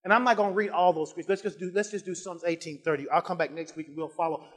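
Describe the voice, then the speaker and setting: A male pastor preaching a sermon, dropping to quiet asides and rising to shouted emphasis, repeating phrases and drawing out scripture lines. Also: on the high side, fairly even intonation, fast talker. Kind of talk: preaching a sermon with call-and-response.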